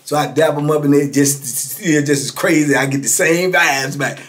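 A man's voice: fairly high pitch, normal speed. A man in his fifties telling a story as an interview guest in casual, slangy talk. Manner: animated, slangy, acts out dialogue.

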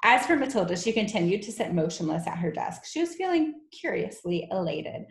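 A woman teacher reading a children's novel aloud to her class in an expressive, gentle way. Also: mid-range voice, brisk. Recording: echoey room.

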